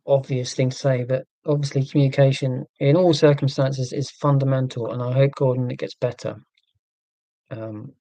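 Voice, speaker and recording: A man's voice: medium pitch, mellow, no echo. A man chatting casually and reading out viewer comments, rambling and wry about himself. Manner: rambling, self-deprecating, wry. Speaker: YouTuber answering viewer comments. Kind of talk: casual rambling live chat.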